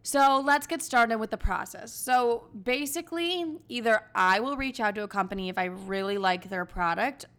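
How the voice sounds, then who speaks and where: A woman's voice: on the high side, moderate pace, few pauses, a bit bright. A young woman in her twenties hosting a podcast, telling stories in a candid, dramatic way with lots of swearing. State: hungover. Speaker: podcast host. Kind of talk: casual chat.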